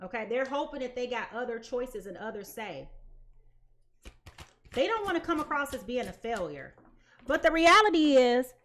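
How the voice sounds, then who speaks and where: A woman's voice: a little high, very animated, normal speed, pauses often, a bit bright. A woman giving a live tarot reading in a blunt, emphatic way, repeating her points. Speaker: tarot reader.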